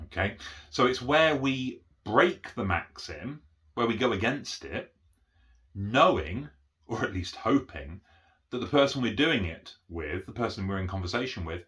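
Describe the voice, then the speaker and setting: An unscripted, single-take talk about autism comes from a middle-aged man, an autism educator, whose voice is lowish and fairly bright. He walks through it step by step, restarting often and using fillers, and keeps asking "okay?" to confirm understanding.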